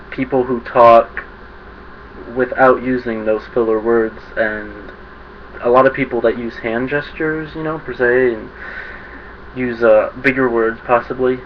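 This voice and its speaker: A young man rambling to the camera in a casual vlog, self-conscious and quick to laugh at his own slips. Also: mid-range voice. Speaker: vlogger. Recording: dull lo-fi webcam audio with faint hiss.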